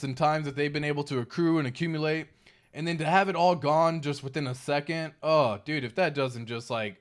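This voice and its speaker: Fired-up man with a raised voice. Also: a little high. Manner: emphatic and animated, swears freely; cautionary, repeats points for stress. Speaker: crypto livestream host. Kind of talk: casual livestream talk, reading chat.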